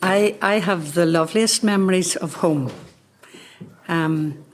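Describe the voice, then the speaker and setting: An older woman with a Belfast accent who reminisces about home in a gentle, reflective way, often softening with small hedges. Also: on the low side, slow, a little hiss or hum. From North Belfast. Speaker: carer sharing memories. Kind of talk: reminiscing on a podcast.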